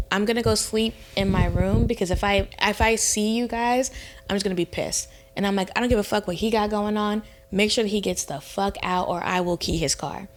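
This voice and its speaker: A woman's voice: brisk, a little hiss or hum. Young woman podcast host ranting thru a story, swears a lot, voice shoots way up on quotes. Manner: animated, profane, jumps high when quoting. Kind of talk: casual storytelling chat.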